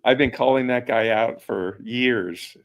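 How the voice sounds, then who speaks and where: A man's voice: mid-range voice, unhurried, gravelly. A man as a guest in casual chat, hesitant and searching for words.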